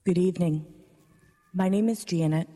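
Woman, parishioner, prepared testimony, steady, mellow, reverberant church. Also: fairly low pitch, moderate pace. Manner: earnest, steady. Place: large church.

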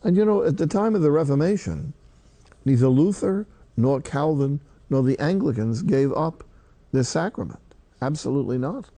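Folksy older priest preaching. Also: male voice, on the high side, expressive, moderate pace, warm tone, no echo. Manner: folksy and emphatic, quoting scripture. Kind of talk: sermon.

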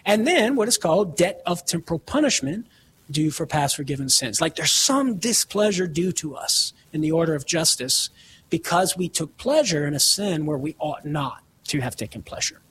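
A man's voice: fairly high pitch, animated, moderate pace, fairly bright tone, a little hiss or hum. A man speaking on a live radio show from a studio, earnest and enthusiastic, explaining at length. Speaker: radio show guest expert. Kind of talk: live radio teaching and chat. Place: home studio.

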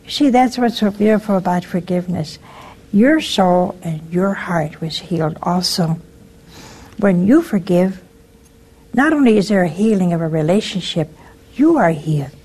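A woman's voice: on the low side, lively intonation, moderate pace, darkish tone, breathy edge. A woman, a nun, hosting a call-in show, talking casually and telling folksy stories about forgiveness. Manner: folksy storyteller, acts out voices in anecdotes. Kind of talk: casual spiritual talk to callers.

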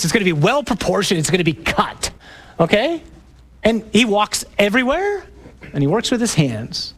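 A man's voice: high-pitched, sing-song, normal speed. A man who is a priest, giving an emphatic, preacherly parish talk to parents with jokey asides to the audience.

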